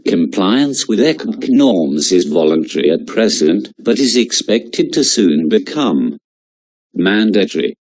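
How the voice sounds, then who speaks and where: A man reading out exam-prep lecture notes in a slow, measured way. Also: low voice, big pitch swings, darkish tone.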